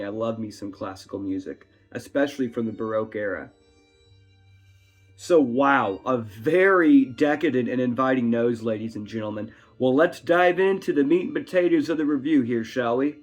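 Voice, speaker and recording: A man talks his way through a whiskey review at home in a loose, rambling manner, pausing for asides. His voice sits at a middle pitch, recorded by a camera on a tripod. Faint classical music plays in the background. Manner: chatty, rambling talker with frequent asides. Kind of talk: casual tasting review.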